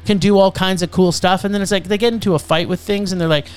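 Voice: medium pitch, steady tone, fast, a little mellow, smooth, soft background music. A film reviewer ranting in casual chat, swearing and talking over the others as they list what annoyed them. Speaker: movie reviewer.

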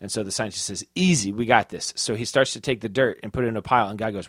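A man's voice: lowish voice, quick pace, no room sound, clean studio sound. A man in casual chat, trading jokes and retelling one with stops, restarts and fillers.

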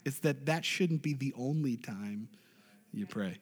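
A man's voice: mid-range voice, animated, unhurried, breathy edge, big-room sound. A man preaching a sermon as pastor, emphatic, often asking the congregation "right?" and drawing an "amen".

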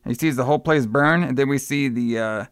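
A man's voice: mid-range voice, brisk, clear, resonant tone, no echo, studio quality. A man co-hosting a podcast, retelling a film plot in a rambling, profane, casual way. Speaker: podcast co-host. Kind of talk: casual film review chat.

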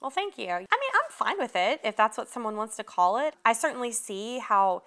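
A woman from Atlanta, chatting as an author guest in a casual interview, animated and quick to laugh. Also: on the high side. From Atlanta, Georgia. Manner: animated, laughs often, restarts words.

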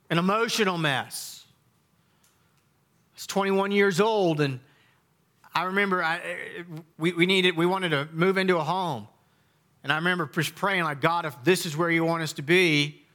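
A middle-aged man preaching a sermon as a pastor, emphatic, with dramatic pauses and sudden quiet drops. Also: fairly high pitch.

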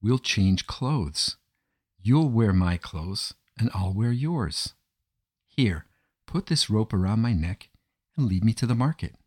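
A man voicing a kind, mysterious stranger who speaks gently and reassuringly in a storybook telling. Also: lowish voice, expressive, takes it slowly, breathy edge, no room sound, clean studio sound, full character voice.

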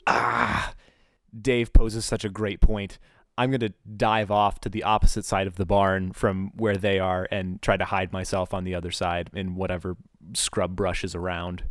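A man's voice: low-pitched, flat delivery, normal speed, a bit bright, dry recording, clean studio sound. A man playing a tabletop game, joking and a little dramatic. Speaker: player.

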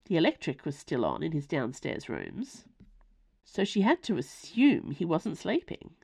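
A woman reading her own novella aloud in expressive, lively scripted narration. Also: low voice, measured pace, vocal fry, breathy edge.

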